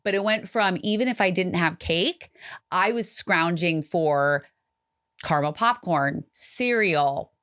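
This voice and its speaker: Woman co-host, low-leaning voice, candid, confiding, casual chat. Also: slow pace, fairly bright tone. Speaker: podcast co-host.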